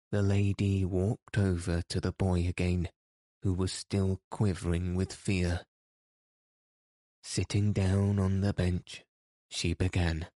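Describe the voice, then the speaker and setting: A man narrates an audiobook with a very deep, mellow voice. He reads slowly and evenly. The recording is dry and close. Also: little pitch movement, no echo.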